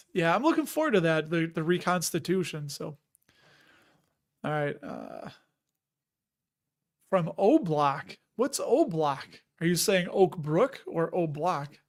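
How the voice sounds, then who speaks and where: A man in his fifties with a fairly high voice hosts a casual investing livestream. He chats loosely with viewers, cracking jokes and laughing often as he wanders between asides. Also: vocal fry. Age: 50s. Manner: chatty, jokey, laughs often, rambling asides. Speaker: host of a dividend investing livestream. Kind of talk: casual livestream chat reading viewer comments.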